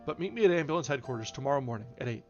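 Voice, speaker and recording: A man voicing a young male artist who speaks briskly and curtly. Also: medium pitch, lively intonation, darkish tone, natural voice. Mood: angry. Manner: brisk, curt. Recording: slightly dull, faint music behind.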